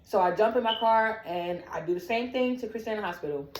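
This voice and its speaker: A woman's voice: medium pitch, fairly quick, slight background noise. Storytelling woman in an echoey room. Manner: animated, acts out quoted dialogue. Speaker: family member telling her story. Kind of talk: personal storytelling.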